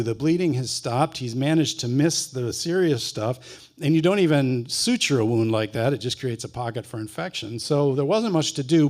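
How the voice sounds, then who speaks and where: Folksy storyteller man. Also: mid-range voice. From rural Wisconsin. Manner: folksy and unhurried, drops to a hush for tender moments. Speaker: humorist author and speaker. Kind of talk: humorous live storytelling. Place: stage at a book festival kickoff.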